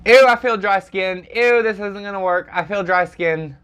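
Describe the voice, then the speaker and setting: A man chatting casually through a makeup review at home, excitable, with dramatic squeals and sassy asides, filmed on a phone camera. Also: high-pitched, normal speed, clean tone. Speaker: makeup vlogger.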